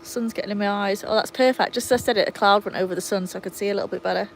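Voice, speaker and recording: A woman's voice: medium pitch, steady tone, racing, gravelly, a little hiss or hum, low-quality recording. An English woman hosting a casual livestream outdoors, chatting with viewers and greeting them by name. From England. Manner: baby-talks and calls to the dogs. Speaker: livestream host with dogs. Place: outdoors by a pool in sunshine.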